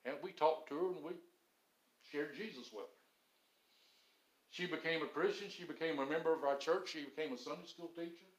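A man's voice: fairly high pitch, fairly quick, long pauses. A middle-aged man preaching a sermon, telling stories earnestly and landing points with emphasis. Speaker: pastor. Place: church sanctuary. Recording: roomy church echo.

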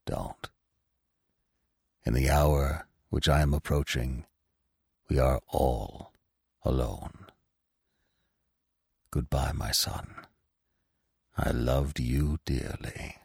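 Brief: man doing an ancient stag, very deep, slow and solemn, close and dry. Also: big pitch swings, gravelly, darkish tone, husky, no room sound, full character voice. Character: old wise male stag, grave and calm.

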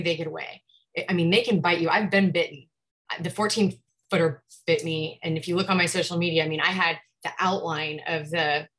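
A woman telling a snake-hunting story on a podcast in a casual, animated way, laughing and acting out what people said. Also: fairly low pitch, rough recording. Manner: lively, animated, laughs often, acts out quotes. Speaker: python hunter guest on a podcast.

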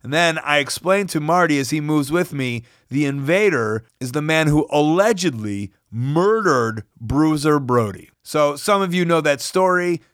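A man hosting a podcast who tells a story in an animated, self-mocking way and swears freely. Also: on the high side, unhurried, few pauses, no room sound, studio quality. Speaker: podcast host. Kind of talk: storytelling monologue.

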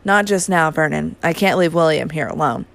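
A woman reading a quiet, steady middle-aged shopkeeper father who speaks in a measured, soft-spoken but firm way. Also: deep voice, gravelly.

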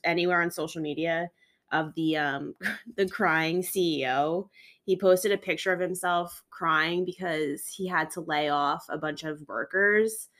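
A young woman co-hosting a casual podcast, telling stories in a rambling, animated way. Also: low-pitched. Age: young adult. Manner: rambling, animated storytelling with laughs. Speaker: podcast co-host. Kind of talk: casual chat.

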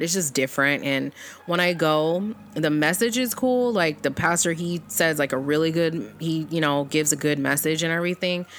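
A woman's voice: low-pitched, a bit bright. A woman in her thirties telling a personal story in a blunt, profane way, acting out the back-and-forth of what people said.

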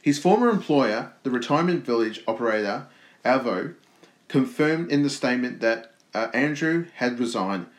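A man's voice: mid-range voice, expressive, moderate pace. Australian man reading news with jokes. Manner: reads news stories aloud with jokey asides. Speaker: podcast co-host. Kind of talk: casual podcast banter. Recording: roomy echo.

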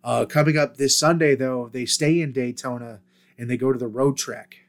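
A man's voice: mid-range voice, fairly even intonation, normal speed. A man co-hosting a sports podcast in casual chat, easygoing and swearing casually. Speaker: podcast co-host.

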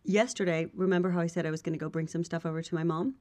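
A woman co-hosting a casual chat podcast, telling stories in an animated, quick way. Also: on the low side. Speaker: podcast co-host.

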